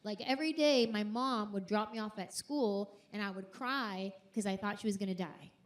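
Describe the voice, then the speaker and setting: A woman performing a stand-up comedy routine on stage, animated and acting out quotes in high voices. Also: normal speed. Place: theater stage before a live audience.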